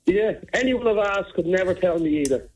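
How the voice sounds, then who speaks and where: A man's voice: high voice, lively intonation, fairly quick, darkish tone, slight background noise. A man with a Dublin accent calling in to a radio show, earnest and puzzled. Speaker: caller. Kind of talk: phone-in call. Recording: dull phone line.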